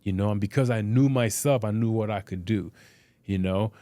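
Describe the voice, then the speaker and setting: A middle-aged man with a fairly low voice tells boxing stories in loose, profane interview talk. He restarts his sentences often and leans on "you know". The sound is dry and close, with no room echo. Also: normal speed, mellow. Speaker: podcast guest, boxer and fitness trainer. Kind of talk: casual interview storytelling.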